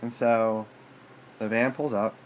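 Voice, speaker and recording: A man's voice: mid-range voice, flat delivery, slow, a little hiss or hum. A man telling a personal story to his viewers in a rambling, hesitant way, full of fillers and restarts. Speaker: vlogger.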